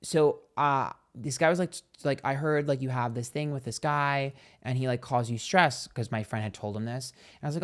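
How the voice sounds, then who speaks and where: A man with a mid-range voice and steady tone talks a little fast with hardly any pauses. Hosting a psychic tarot livestream, he tells a gossipy story in casual chat, acting out what others said and reading viewer donations aloud with thanks.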